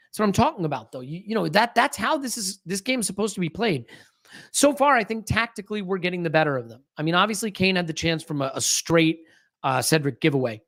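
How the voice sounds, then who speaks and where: A podcast host giving live watch-along commentary on a match, anxious and restless, often restarting sentences and fiddling with a desk microphone. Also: mid-range voice.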